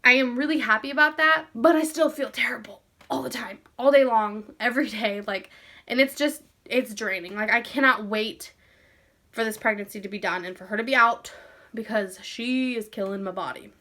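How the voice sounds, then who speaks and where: A young woman talks to camera in a breathless, chatty way, sighing between thoughts and leaning on "like". Her voice sits a little high and rings bright and forceful. She sounds like a vlogger chatting casually to her viewers.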